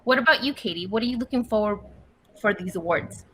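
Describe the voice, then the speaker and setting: A woman's voice: medium pitch, fast, a bit bright, a little hiss or hum. A young woman who is a student leader, co-hosting an awards ceremony over a video call, enthusiastic with small hesitations. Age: young adult. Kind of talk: casual hosting chat.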